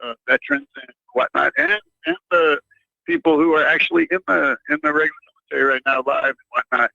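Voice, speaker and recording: A male radio caller with a gravelly, sharp, bright voice rambles through a heated rant, full of fillers and restarts. The line sounds dry and muffled. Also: on the high side, animated, fast talker, dry recording. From United States.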